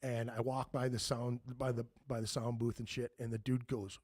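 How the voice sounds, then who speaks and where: A man's voice: mid-range voice, little pitch movement, normal speed, a little mellow, no echo, studio quality. A man in his fifties hosting a podcast, telling rambling anecdotes in casual chat and swearing freely. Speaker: podcast host.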